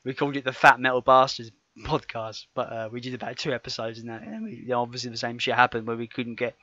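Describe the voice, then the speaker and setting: A man's voice: medium pitch, fairly bright tone, no room sound. A man co-hosting a casual podcast, rambling and correcting himself, laughing often. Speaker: podcast co-host. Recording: dull lo-fi sound.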